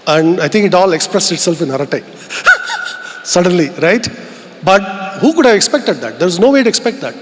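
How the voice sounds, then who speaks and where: Indian-accented man, keynote speech, higher voice, big reverberant hall. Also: sing-song, a little fast. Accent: Indian English. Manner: earnest, reflective, asks rhetorical questions. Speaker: keynote speaker. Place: large conference hall.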